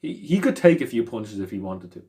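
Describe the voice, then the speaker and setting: A man's voice: on the low side, sing-song, a little fast, warm tone. A man co-hosting a wrestling podcast in casual chat, rambling and swearing freely, restarting his sentences. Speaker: podcast co-host.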